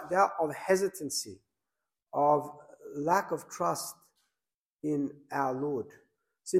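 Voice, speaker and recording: A man's voice: a little high, creaky, a little mellow, low-quality recording. A man, a priest, preaching a sermon in a plain conversational way, with many fillers and restarts.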